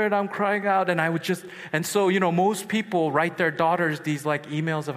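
A man in his thirties preaching a sermon at a youth retreat, telling a personal story with swings from hushed to excited. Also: high-pitched, a little fast, few pauses. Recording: long hall reverb.

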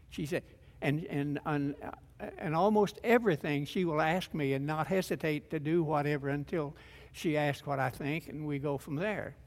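A man's voice: fairly high pitch, in a large hall. An older man, a pastor, preaching a sermon in a folksy, conversational way with frequent restarts, rising to fervent emphasis.

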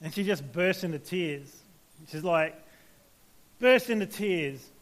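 Male preacher, higher pitch, relaxed storytelling delivery for a youth talk. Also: takes it slowly. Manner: conversational, anecdotal, frequent restarts and tag questions. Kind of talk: sermon to young people.

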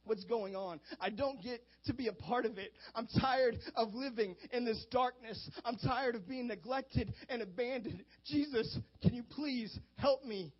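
A man's voice: fairly high pitch, lively intonation, unhurried, long pauses, slightly rough, exaggerated voice. A man voicing a blind male beggar who pleads from the roadside in a straining, rising voice, on a dull lo-fi recording. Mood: pleading.

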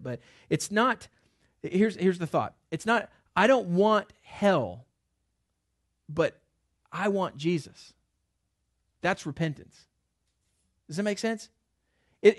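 A middle-aged man preaching a sermon in a conversational way, with quick asides and restarts. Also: on the high side. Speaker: pastor.

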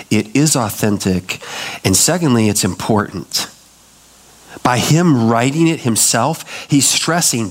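A man preaching a sermon as pastor, talking in a conversational way, acting out quoted voices and dropping low and slow to stress a point. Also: expressive.

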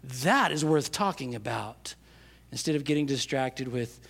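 A man preaching a sermon, stressing key phrases with slow, drawn-out words and swinging from loud to hushed. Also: medium pitch, lively intonation, creaky. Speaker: pastor.

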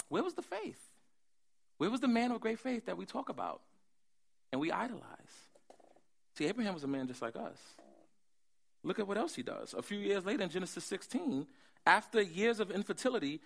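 Lively preacher guy, bright voice, goes hushed then loud. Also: high voice, creaky. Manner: animated, swings from hushed to shouting. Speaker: pastor. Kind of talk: sermon.

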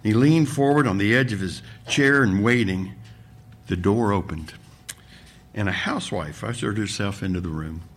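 A man, a pastor, reading a story aloud with expressive delivery during a sermon. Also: lowish voice, normal speed. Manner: expressive storytelling, voices the characters.

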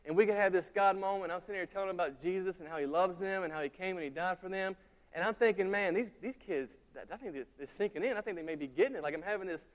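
A man in his thirties delivers a sermon to his church, his voice sitting notably high. He tells stories in a chatty, animated way and keeps turning to the congregation with asides. The sound carries a long reverb from the church hall. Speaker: pastor. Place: church sanctuary.

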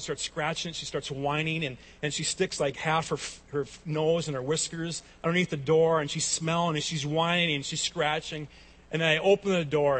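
A man's voice: on the high side, fairly bright tone. A man in his forties preaching a sermon as a pastor, telling stories and rising to emphatic peaks. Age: 40s.

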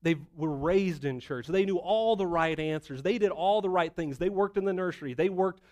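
A middle-aged male pastor preaching a conversational sermon, animated and full of rhetorical questions. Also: sits high, moderate pace.

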